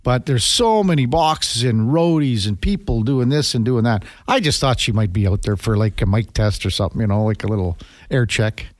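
A man's voice: medium pitch, animated, moderate pace, no room sound, studio quality. A man hosting a casual morning radio show, rambling and chatty with lots of fillers.

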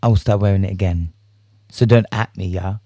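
A man hosting a casual solo chat, animated, laughing and swearing freely as he acts out reactions. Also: sits low, fairly quick, no room sound, clean studio sound.

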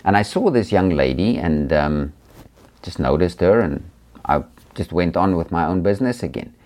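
Deep-voiced South African preacher. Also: male voice, animated, moderate pace. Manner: earnest, gentle, with many hesitations. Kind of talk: personal testimony talk.

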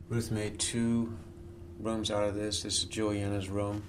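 A man giving a tour of a garden and house, talking in a halting, reflective way with many fillers. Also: fairly low pitch, level tone. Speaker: widower giving a home tour. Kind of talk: interview recollection while walking. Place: garden outdoors. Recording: outdoor noise with passing traffic.

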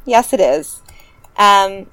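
A woman hosting a casual podcast chat, animated and joking as she urges listeners to act. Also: medium pitch, slow pace. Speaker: podcast host.

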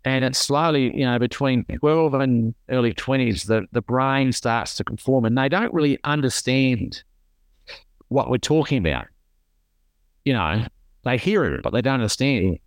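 A man's voice: medium pitch, moderate pace, no room sound, clean studio sound. A middle-aged man with an Australian accent, a podcast guest telling stories in an earnest, rambling way. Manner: earnest storytelling, repeats himself. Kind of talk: casual conversation.

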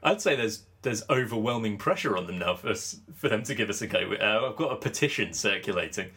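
Teasing his co-host and imitating commentators, a cricket podcast host keeps the chat casual and jokey. He has a fairly low, forceful, bright voice with lively intonation and a fairly quick delivery.

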